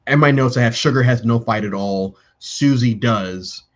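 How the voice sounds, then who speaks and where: Animated man hosting a lo-fi stream. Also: medium pitch, normal speed. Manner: animated, acts out quotes of contestants. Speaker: stream host. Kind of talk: casual live-stream chat.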